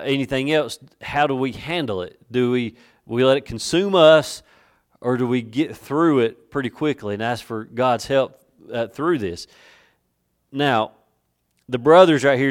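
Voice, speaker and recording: A male pastor preaches a sermon, breaking into slow, emphatic readings of King James scripture. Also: medium pitch.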